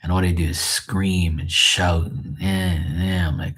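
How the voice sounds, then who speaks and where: Low husky man chatting profanely. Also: flat delivery, measured pace, hardly any pauses, a bit bright. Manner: profane, storytelling, chuckling. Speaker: live streamer. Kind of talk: casual rambling chat.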